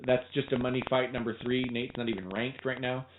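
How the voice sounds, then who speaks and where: A man co-hosting a podcast in casual sports chat, rambling and animated, often restarting his sentences. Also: mid-range voice, fairly quick. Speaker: podcast co-host. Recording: tinny phone-like line with faint noise.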